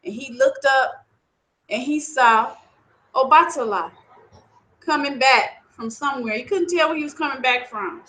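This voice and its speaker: A woman telling a traditional story aloud in an animated, conversational way with many asides. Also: sits high, a little slow, poor audio. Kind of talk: oral storytelling of Yoruba myths.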